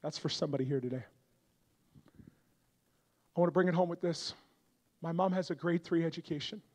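A young adult man preaching a revival sermon, moving from quiet storytelling to loud, impassioned appeals. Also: fairly quick. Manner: builds from soft storytelling to loud, high-pitched fervor.

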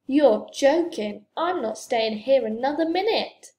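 A woman's voice: sits high, animated, unhurried, darkish tone. A woman reading the lines of a stuffy grown man in a storybook, huffy and disdainful. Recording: roomy echo.

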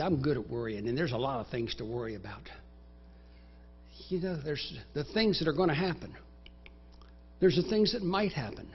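A man preaching a sermon in a church, dramatically acting out inner voices in the first person and reciting scripture in slow, measured phrases. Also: medium pitch, lo-fi sound, a little hiss or hum. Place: church sanctuary.

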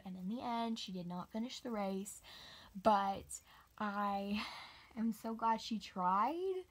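Chatty husky teenage girl. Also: medium pitch, lively intonation, takes it slowly. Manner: chatty and rambling, many fillers and soft whispered asides. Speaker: vlogger. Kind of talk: casual storytime.

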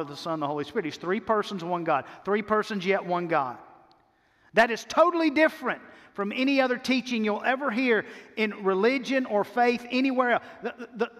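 A man preaches to his congregation in a high, carrying voice. He drives points home by repeating short phrases and slowing on key words. The sound rings with the long reverb of a church hall. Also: a bit bright. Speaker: pastor. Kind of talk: sermon. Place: church sanctuary.

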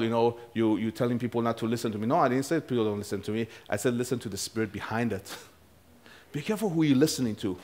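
A pastor delivers a sermon, alternating between loud, raised passages and quiet, low asides, with an occasional chuckle.

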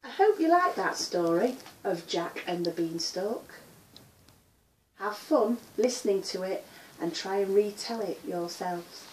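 Woman teacher, storybook reader for small children, lively and slow, roomy sound from a distance. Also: mid-range voice, a little hiss or hum. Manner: animated and dramatic, with gasps. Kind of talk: reading a story aloud to young children.

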